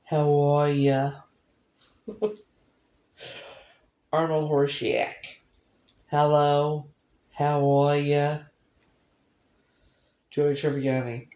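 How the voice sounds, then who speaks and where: A woman's voice: low voice, fairly even intonation, very slow, long pauses, warm tone. A woman chatting casually on a phone livestream, sarcastic and swearing a lot as she greets viewers. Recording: roomy echo.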